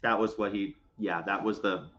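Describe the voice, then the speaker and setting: A man's voice: lowish voice, fairly even intonation, moderate pace, fairly bright tone, highs cut off. A man chatting casually on a livestream, rambling and joking while he answers viewer comments. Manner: rambling and jokey, reads viewer comments aloud. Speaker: vegan livestreamer. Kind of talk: casual live-stream chat. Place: inside a parked box truck.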